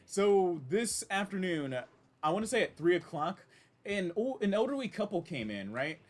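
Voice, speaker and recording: A man's voice: sits high, sing-song, moderate pace. A man casually chatting while streaming a game, rambling and reacting with many restarts. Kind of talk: casual live-stream commentary.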